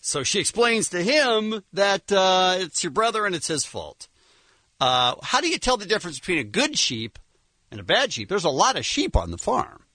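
A man hosting a casual talk show, recapping a film with animated storytelling and frequent laughs. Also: sits high, normal speed, dry recording. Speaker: podcast host.

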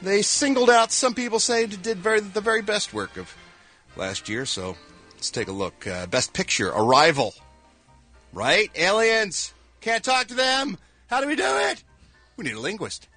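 A man's voice: high voice, expressive, moderate pace, sharp tone, faint music behind. A man hosting a radio show, joking his way through entertainment news in casual chat. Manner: wisecracking, reading news items.

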